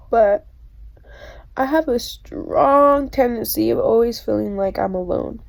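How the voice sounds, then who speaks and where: A woman crying as she talks alone to her own camera, in a halting, hesitant confession broken by nervous laughs and swearing. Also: a little high, gravelly. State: tearful, crying. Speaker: vlogger. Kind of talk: confessional self-recorded monologue. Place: alone indoors. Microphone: self-filmed camera.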